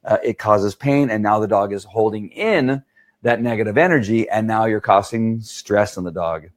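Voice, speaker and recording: A man's voice: fairly low pitch, moderate pace. A man, a dog trainer explaining things in a casual, rambling way and often asking "right?".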